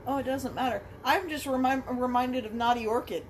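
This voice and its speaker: A woman's voice: high-pitched, a little fast, slight background noise. A woman co-hosting a film reaction podcast, talking bluntly and swearing freely in casual chat.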